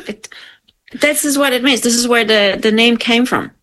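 A woman co-hosts a casual science chat. She is chatty and playful, often adding quick remarks. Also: on the high side, a bit bright. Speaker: podcast co-host.

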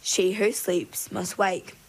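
A woman's voice: medium pitch, level tone, slow pace, darkish tone, husky, poor audio. A woman doing a bossy, mysterious mer-woman from a storybook. She speaks insistently and solemnly in a middling voice.

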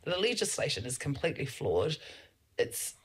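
A woman's voice: sits low, big pitch swings, normal speed, husky. A middle-aged woman with a New Zealand accent, a politician talking earnestly as a guest in a casual interview, with many fillers.

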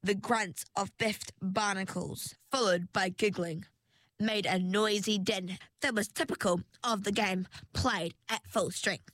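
Unhurried woman reading a storybook. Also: mid-range voice, no echo. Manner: measured, expressive reading. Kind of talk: storybook narration.

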